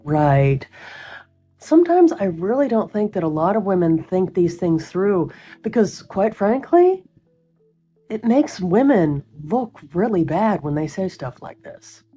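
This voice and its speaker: A woman's voice: medium pitch, sing-song, a little slow, dark tone, slightly rough, dull audio, faint music behind. A woman hosting a reaction show, giving dry, sarcastic commentary in precise wording. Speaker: reaction host.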